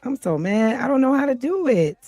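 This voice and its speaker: A woman's voice: sits high, sing-song, a little fast, warm tone, dry recording. Woman host talking to her live viewers, flustered and laughing, dry close sound, faint music behind. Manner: chatty, flustered, laughs often. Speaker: livestream host. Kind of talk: casual chat to a live audience.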